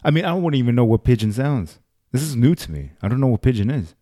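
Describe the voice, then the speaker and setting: A man's voice: medium pitch, big pitch swings, fast talker, mellow, dry recording, clean studio sound. A young man in casual chat, curious and laughing, prodding his friend with questions. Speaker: conversation partner.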